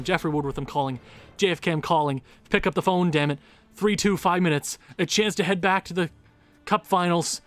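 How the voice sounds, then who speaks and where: A man's voice: sits high, fairly even intonation, normal speed, creaky, fairly bright tone, no room sound. A man commentating his own hockey video game stream live, groaning and cheering at each goal, his voice wearing out. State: losing his voice. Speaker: gaming streamer.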